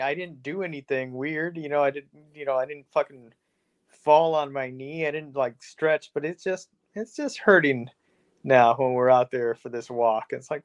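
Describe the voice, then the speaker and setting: A man's voice: mid-range voice, normal speed, muffled recording. A man co-hosting a casual podcast, rambling in a profane, self-deprecating way with lots of fillers. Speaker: podcast co-host.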